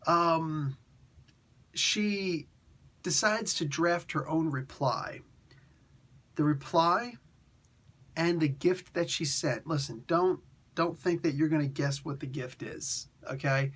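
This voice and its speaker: Husky dude rambling about comics, kinda high voice, lots of slang. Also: male voice, slow, fairly bright tone. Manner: laid-back, slangy, rambling. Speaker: comic book reviewer. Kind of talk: casual video review.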